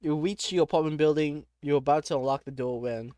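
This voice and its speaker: A young man reads a text adventure aloud, stopping often to react with quick, joking asides. His voice sits a little high. The sound is close and dry, with no room around it. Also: mellow, no echo. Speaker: gamer.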